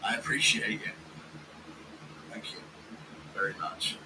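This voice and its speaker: Speaking a little slowly with background noise behind him, a man hosts a fight watch-along stream. He chats casually, reads out donations, tells crude jokes, and does squealing high-pitched impressions.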